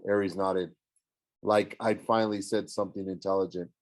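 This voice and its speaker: A man narrating a first-person fantasy novel as an audiobook reader, in an even storytelling manner. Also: low-pitched, moderate pace, no room sound.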